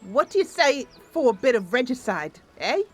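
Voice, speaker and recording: A woman's voice: sits high, sing-song, moderate pace, husky, faint music behind, voice pushed up, exaggerated voice. A woman voicing a sardonic male gnome expedition leader who grumbles his remarks.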